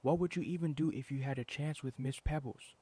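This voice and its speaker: A man's voice: on the high side, fairly even intonation, brisk, dark tone, husky. A man voicing a joking male office coworker chatting at a bar. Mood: teasing. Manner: teasing, casual.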